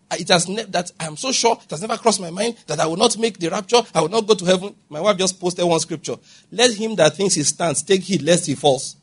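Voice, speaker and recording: A man's voice: high voice, breathy edge. A man preaching a sermon, emphatic, often asking the congregation whether they follow. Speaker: pastor.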